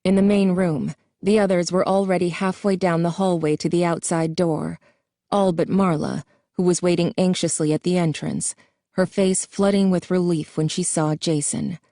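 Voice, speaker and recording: Mellow-voiced woman narrating an audiobook. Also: on the low side, steady tone, moderate pace, no room sound, studio quality.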